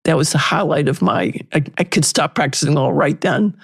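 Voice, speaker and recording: An older woman, a litigation lawyer and interview guest, telling lively anecdotes and acting out past exchanges. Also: deep voice, moderate pace, slightly rough. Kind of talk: storytelling in an interview.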